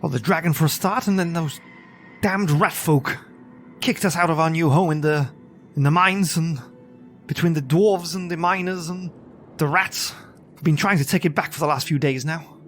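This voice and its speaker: A man playing a gruff, battered orc. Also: a little high, normal speed, a bit bright, soft background music, pitched above the performer's own voice. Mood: wary, grumbling. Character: battered, wary orc warrior.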